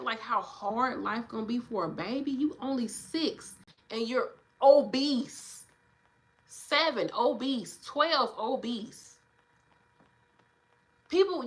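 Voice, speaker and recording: A woman nurse in her thirties chatting casually on a livestream, animated and preachy, addressing viewers directly. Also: a little high. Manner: animated, preachy, talks straight to viewers with "y'all" and "child".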